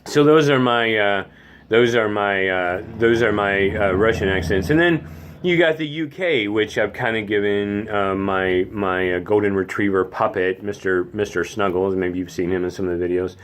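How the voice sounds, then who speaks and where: A man's voice: on the low side, normal speed, fairly bright tone, a little hiss or hum. A man talking casually in a goofy, rambling way, showing off his silly voices. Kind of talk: casual comedic monologue.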